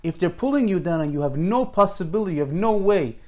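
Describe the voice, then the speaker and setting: Animated preacher acting out small dialogues. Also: male voice, high-pitched, fast talker. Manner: animated, repetitive, acts out little dialogues. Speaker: rabbi giving a Torah talk. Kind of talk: informal sermon.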